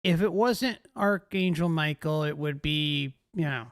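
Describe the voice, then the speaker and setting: A man's voice: fairly high pitch, unhurried, clean tone, dry recording, studio quality. A male host giving emphatic commentary, often asking rhetorical questions.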